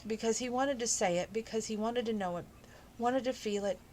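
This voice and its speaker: A woman's voice: fairly high pitch, a little fast, darkish tone, slight background noise, poor audio. A woman reading a romance novel aloud informally, emotional and adding personal asides. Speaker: audiobook reader.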